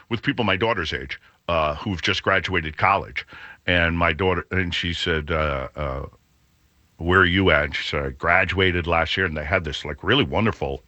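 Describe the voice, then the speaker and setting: A middle-aged man hosting a radio show, telling a rambling story with many fillers and an animated, booming way of talking. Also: no room sound. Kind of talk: storytelling chat.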